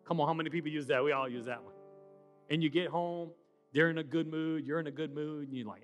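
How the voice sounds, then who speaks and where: A middle-aged man preaching a sermon as pastor, loud and emphatic with quieter asides. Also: on the high side, quick pace, faint music behind.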